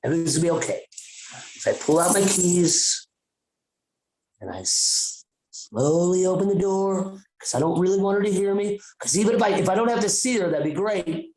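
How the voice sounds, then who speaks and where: Young man, high-ish voice, rambling profane storytelling, echoey room. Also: moderate pace. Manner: profane, rambling, animated retelling. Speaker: podcast host. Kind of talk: comic storytelling. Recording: roomy echo.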